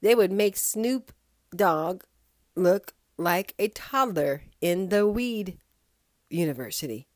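A woman hosting a podcast, talking in a sassy, animated monologue full of wandering asides. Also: fairly low pitch, takes it slowly, no room sound, studio quality. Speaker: podcast host.

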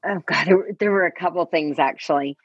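A middle-aged woman, a guest on a call interview, telling stories with animated quoted voices. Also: low voice, a little fast, breathy edge, no echo, highs cut off. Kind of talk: casual interview storytelling. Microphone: earbud.

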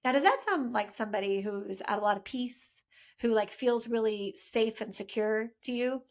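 A woman's voice: on the high side, normal speed. A young woman giving a casual Sunday talk for families, conversational and full of questions to the listener. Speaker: children's faith storyteller.

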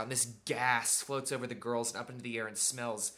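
Brief: male podcast co-host, mid-range bright voice, relaxed banter about a book. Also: mid-range voice, brisk, hardly any pauses. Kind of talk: casual chat about a book.

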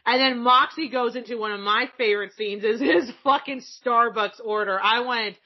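A woman's voice: fairly high pitch, normal speed, few pauses. A woman chatting casually about a cartoon episode, giggling often, swearing freely and acting out quotes. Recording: slightly dull lo-fi sound.

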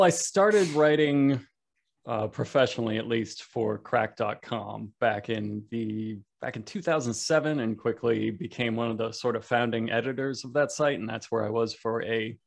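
A man's voice: medium pitch, gravelly. A man appearing as a podcast guest, a writer talking about his career with dry humor. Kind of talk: casual interview chat.

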